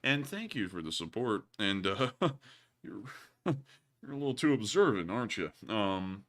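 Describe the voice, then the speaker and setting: A young man in his twenties with a Southern US accent, co-hosting a casual livestream and answering viewer questions, jokey and quick to laugh. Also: fairly low pitch. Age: 20s. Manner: jokey, excitable, laughs often. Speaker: co-host of a war news show. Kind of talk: casual livestream chat answering super chats.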